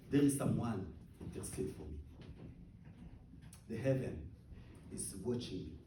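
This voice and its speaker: A male pastor preaching with lively, rising and falling pitch, repeating phrases for emphasis. He swings between loud outbursts and hushed near-whispers. The voice sits back from the mic in a roomy, echoing space with faint ambient noise behind. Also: far from the mic. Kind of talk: sermon.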